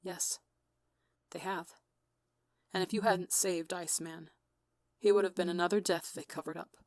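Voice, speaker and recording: A woman voicing a calm, earnest female villain leader who speaks flatly and softly. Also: fairly low pitch, normal speed, no room sound, studio quality, close to an everyday voice. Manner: flat, soft, non-judgmental.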